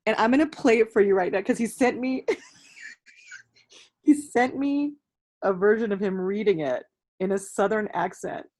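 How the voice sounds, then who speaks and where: A young woman hosting a podcast in casual chat, an animated storyteller who swears freely. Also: medium pitch, unhurried, pauses often. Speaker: podcast host.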